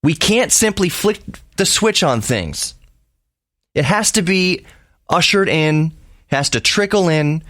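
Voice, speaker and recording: A man's voice: on the high side, lively intonation, slow pace, pauses often, fairly bright tone, dry recording. Emphatic lecturing man, dry sound. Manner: emphatic, lecturing, with frequent restarts. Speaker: podcast host. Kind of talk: solo opinion monologue.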